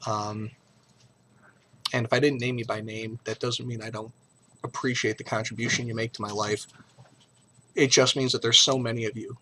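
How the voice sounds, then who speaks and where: A man's voice: mid-range voice, level tone, moderate pace, pauses often, sharp tone, slight background noise. A middle-aged man talking frankly and emotionally in a personal vlog, blunt and profane but earnest. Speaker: vlogger.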